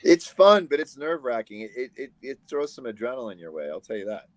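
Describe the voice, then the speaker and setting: A man from the United States, a guest photographer, telling animated stories in a casual interview over a video call. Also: medium pitch, fast, no room sound. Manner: animated storyteller, acts out quoted people.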